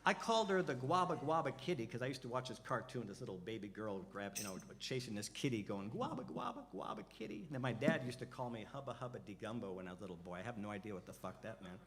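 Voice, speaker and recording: A man's voice: fairly low pitch, fast, few pauses, slight background noise. An older man, a musician on a festival stage, telling a meandering, profane anecdote in a casual way. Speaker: musician and storyteller. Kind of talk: rambling onstage anecdote. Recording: loud music behind the voice. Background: loud music.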